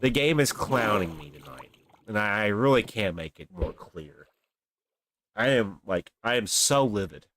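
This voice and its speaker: A man's voice: fairly low pitch, unhurried, background noise. A young man livestreaming a game, chatting casually with viewers and grumbling and exaggerating about his luck. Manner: animated, talks to chat, grumbles and exaggerates. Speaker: livestreaming gamer. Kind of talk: casual live game commentary. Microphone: desk mic, webcam stream.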